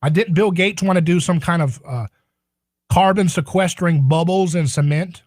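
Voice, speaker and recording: A man's voice: high-pitched, normal speed, no echo. Sarcastic indignant male talk-radio host. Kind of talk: political talk radio monologue.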